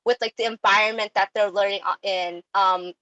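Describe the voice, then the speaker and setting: A young woman giving a casual online talk on dog training, chatty and animated, with many ums and likes. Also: medium pitch, fairly quick, no room sound, muffled recording.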